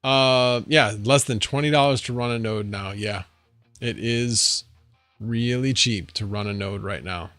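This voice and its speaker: A man's voice: medium pitch, a little slow, a bit bright, dry recording, soft background music. A man hosting a casual livestream from home, rambling and thinking aloud as he answers viewers' chat. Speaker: livestream host.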